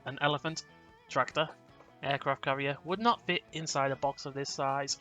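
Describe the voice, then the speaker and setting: A man's voice: mid-range voice, steady tone, normal speed, sharp tone, dull audio, soft background music. A man reading a text game aloud in a playful, casual way, often laughing and tripping over words.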